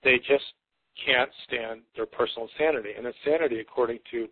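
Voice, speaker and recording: A man's voice: medium pitch, fairly even intonation, a little fast, breathy edge, dry recording. A psychotherapist in his fifties, a podcast guest, talking earnestly and reflectively, often stopping and restarting. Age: 50s. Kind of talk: conversational interview. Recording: tinny phone-like line, dry.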